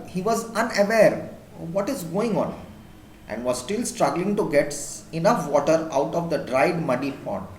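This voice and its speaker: Animated male teacher telling a fable. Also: on the high side. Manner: animated, voice rises and drops for characters. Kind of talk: telling a story to a class. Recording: echoey room, faint hiss.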